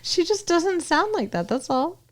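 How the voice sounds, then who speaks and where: A woman's voice: extremely high pitch, big pitch swings, measured pace. A woman co-hosting a podcast, chatting casually in a wry, blunt way and swearing freely. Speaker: podcast co-host. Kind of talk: casual chat.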